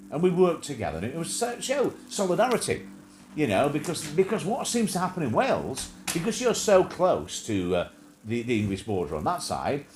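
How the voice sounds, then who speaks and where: A man's voice: on the high side, darkish tone, a little hiss or hum. A man hosting a casual livestream chat show, rambling and joking with plenty of fillers and restarts.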